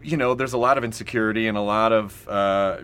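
A man's voice: fairly low pitch, fairly even intonation, fast, a bit bright, clean tone. A man hosting a casual interview, asking rambling, hesitant questions full of fillers. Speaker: podcast host.

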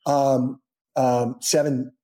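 A man's voice: mid-range voice, level tone, very slow, warm tone. A middle-aged man telling a long personal story as an interview guest, rambling with many fillers and restarts.

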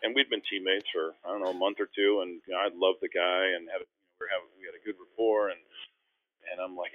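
Fast-talking low-voiced man telling stories. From Canada. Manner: animated, acts out quoted voices in stories. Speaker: interview guest, former basketball player. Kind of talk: casual storytelling. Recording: dry, phone-like narrow sound.

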